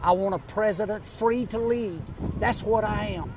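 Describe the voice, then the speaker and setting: High-pitched older Louisiana man campaigning. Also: moderate pace, background noise. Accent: Louisiana Southern US. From North Louisiana, USA. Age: 60s. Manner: emphatic, repetitive rhetorical lists. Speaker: political candidate.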